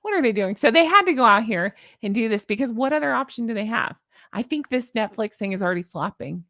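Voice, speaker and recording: A woman's voice: on the high side, expressive, brisk, fairly bright tone, no echo, studio quality. A woman hosting a casual commentary vlog, sarcastic and exasperated as she rants. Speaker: YouTube commentary host.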